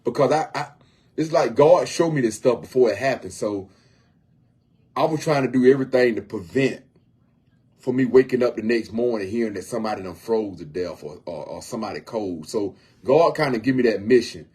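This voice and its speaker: A man's voice: medium pitch, brisk, darkish tone, slightly rough. A man talking casually on a livestream from home, earnest and often repeating himself as he speaks about helping people in need. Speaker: homeless outreach volunteer.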